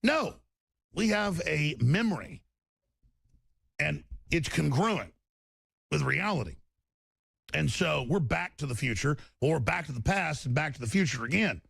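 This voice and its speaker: A middle-aged man from Texas hosting a talk radio show, delivering a heated, rambling political monologue with sudden swings in pitch and repeated restarts. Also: lively intonation, a little slow, pauses often, a bit bright, no room sound, clean studio sound. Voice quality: gravelly.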